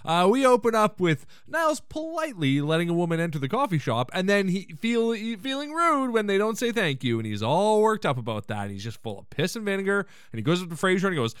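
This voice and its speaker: A man hosting a podcast, casually recapping an episode in a joking, animated way with the odd swear and laugh. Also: high-pitched, fast, hardly any pauses, clean tone, no room sound, clean studio sound. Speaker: podcast host.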